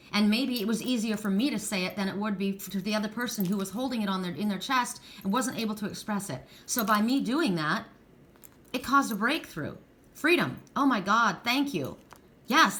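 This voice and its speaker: A woman's voice: medium pitch, fairly bright tone. A woman doing an oracle card reading for viewers, speaking earnestly and reassuringly. She often restarts her words. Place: at home with her dog nearby.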